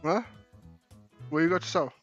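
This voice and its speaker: A young British man from the UK, loudly teasing strangers in casual slangy gaming banter over a headset. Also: a little high, moderate pace, highs cut off, soft background music. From United Kingdom. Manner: loud, teasing, excitable, slangy. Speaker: VRChat vlogger.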